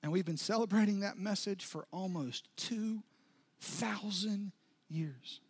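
High-voiced man preaching a dramatic sermon. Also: a little slow, husky. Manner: dramatic storytelling with sudden soft drops and rising intensity. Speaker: pastor.

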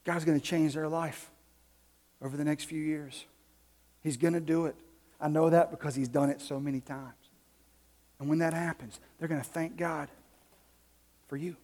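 High-voiced pastor preaching in a reverberant hall. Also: male voice, steady tone, normal speed, pauses often, darkish tone. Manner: storytelling, building to impassioned preaching. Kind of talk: sermon.

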